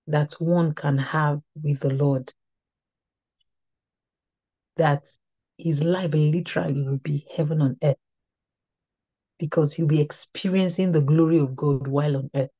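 Deep, mellow and husky, this woman's voice moves unhurriedly with long pauses and no echo. She is teaching at a women's ministry, sharing a testimony in an earnest storytelling style that keeps repeating and restarting phrases. The sound is slightly dull and lo-fi.

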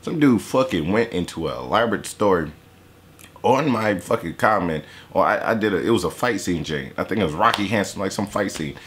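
A young man with a lowish voice talks loosely over a track he is reacting to, joking and cursing freely. His pitch swings a lot as he throws in mocking impressions of the people he is discussing. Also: expressive, fairly quick, a bit bright, slight background noise. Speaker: YouTuber reacting to a diss track. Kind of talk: casual profane reaction commentary.

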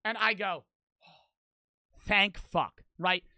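High, bright-voiced young man telling a story. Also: very slow, no echo. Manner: animated, swears a lot, swings from loud outbursts to low mutters. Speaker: vlogger. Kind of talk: casual storytelling.

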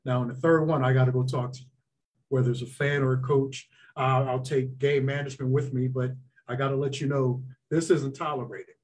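A man appearing as a sports official guest, giving calm, measured advice in casual interview talk. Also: mid-range voice, husky.

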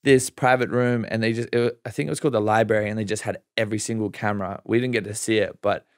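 A man's voice: lowish voice, fast talker, no echo, clean studio sound. A young man, a podcast guest, telling stories in casual chat with lots of swearing and acted-out quotes. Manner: animated storytelling, swearing, acting out quotes.

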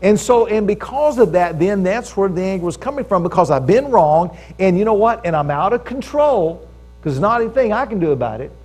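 Male preacher, fairly high voice, conversational sermon, checks in with the congregation. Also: animated, a little fast, a little mellow. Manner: conversational preaching, stresses key phrases, often asks the audience for agreement. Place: church service with audience.

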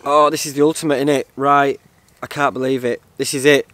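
A man chatting to camera in a casual vlog, excitable and rambling. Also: mid-range voice, brisk. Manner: excitable, rambling, swears and laughs often. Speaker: outdoor vlogger.

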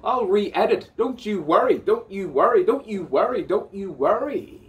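A man's voice: high-pitched, lively intonation, moderate pace, recorded from a distance. A man rambling in an improvised spoken-word monologue, theatrical, swearing freely and repeating words over and over.

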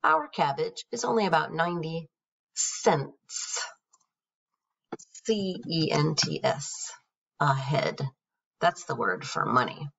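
A woman's voice: deep voice, very animated, takes it slowly, vocal fry, long pauses, a bit bright, breathy edge. A woman teacher patiently going over a grammar worksheet, spelling words out letter by letter. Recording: dull, distant screen-recorded audio.

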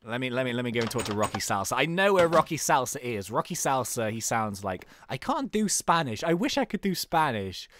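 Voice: mid-range voice, big pitch swings, fairly quick, few pauses, fairly bright tone, a little hiss or hum. A video game host giving chatty, self-mocking let's play commentary with lots of laughs.

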